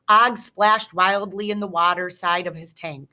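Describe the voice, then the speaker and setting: A woman teacher reading a children's chapter book aloud with slow, expressive storytelling. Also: mid-range voice.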